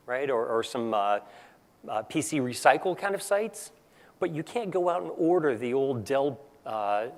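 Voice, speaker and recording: In a large conference hall, a man with a mid-range voice gives a technical presentation. His delivery is casual and conversational, and he tags his points with "right?".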